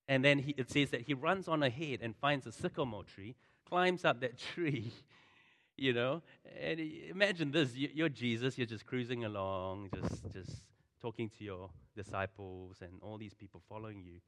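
A pastor giving a sermon in a conversational, animated way, full of asides and storytelling. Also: male voice, mid-range voice, normal speed. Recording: long hall reverb.

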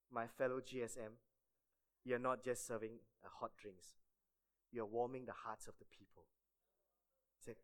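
A man preaching a sermon to fellow church volunteers, telling a story and often checking in with "okay?". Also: mid-range voice. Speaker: church staff member preaching.

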